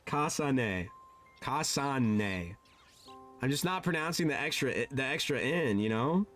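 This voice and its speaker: Flustered, animated man streaming over music. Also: fairly quick. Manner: animated, flustered, laughing, swings high and low. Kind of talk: casual live-stream chat.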